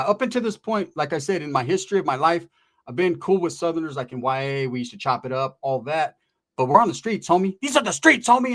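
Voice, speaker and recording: Animated man telling a street story. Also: a little high. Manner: animated, slangy, acts out quotes of others.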